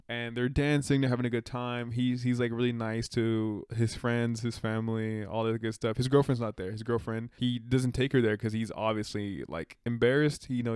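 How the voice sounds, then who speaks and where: A man giving a casual movie review rant, excitable and profane, rambling with restarts and self-corrections. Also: medium pitch, clear, resonant tone, no room sound, clean studio sound.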